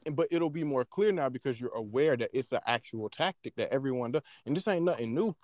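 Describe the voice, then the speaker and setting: A man in casual podcast chat, talking in an animated, slangy way and checking in with his listeners as he explains. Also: medium pitch, quick pace, dry recording. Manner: animated, slangy, often asks "you know what I'm saying". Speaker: podcast co-host.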